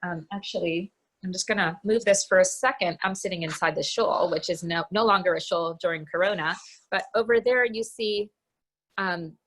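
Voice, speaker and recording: A middle-aged woman giving a candid personal talk from her home over a video call, halting and restarting often. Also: lowish voice, a bit bright. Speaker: guest speaker.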